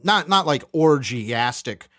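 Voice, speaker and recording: A man co-hosting a movie podcast in casual chat, retelling scenes with lively quoted character lines. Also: medium pitch, slow, dry recording, clean studio sound. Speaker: podcast co-host.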